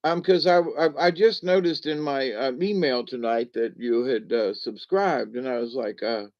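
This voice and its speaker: A man's voice: mid-range voice, moderate pace, a little mellow, highs cut off. A man in his seventies hosting a casual livestream, chuckling often and rambling with restarts as he reads the chat. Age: 70s. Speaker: livestream host reading chat.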